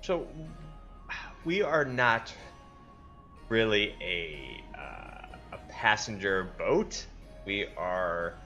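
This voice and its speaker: A man voicing a portly, waddling pirate smuggler captain who is blunt and skeptical, with halting restarts. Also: lowish voice, bright, forceful tone, lo-fi sound, heavily acted. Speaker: game master.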